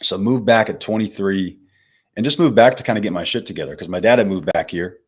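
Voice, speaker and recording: A man's voice: fairly low pitch, fairly quick, breathy edge. A man in his twenties from California, a podcast guest telling stories in a laid-back, slangy way, calling the host man and bro. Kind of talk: casual storytelling interview.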